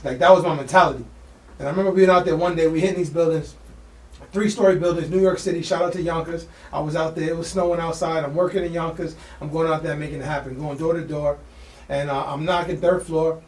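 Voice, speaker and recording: A man co-hosting a podcast, telling a story in a fast, slangy, animated way and acting out the voices of people in it. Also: a little high. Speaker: podcast co-host. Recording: echoey room, mic at a distance.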